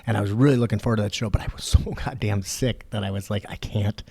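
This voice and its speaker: A man's voice: lowish voice, fast talker, a little mellow. A man hosting a podcast, chatting casually and telling stories with lots of swearing. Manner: swearing storyteller, acts out voices in his stories. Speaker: podcast host. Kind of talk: casual chat.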